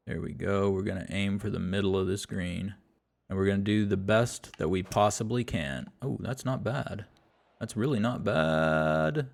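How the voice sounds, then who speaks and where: A man's voice: on the low side, creaky. A man giving exasperated, self-deprecating play-by-play commentary while playing a golf video game. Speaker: gaming YouTuber.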